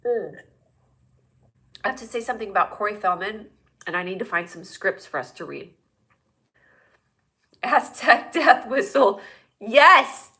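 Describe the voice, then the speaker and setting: Woman host, thirties, bright forceful voice, rambling excitable storyteller. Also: mid-range voice, a little fast, long pauses. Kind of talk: casual live-stream storytelling.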